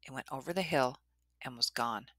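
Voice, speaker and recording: A woman narrates a traditional story at a measured, dramatic pace. Her voice sits low and sounds bright and dry. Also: no echo.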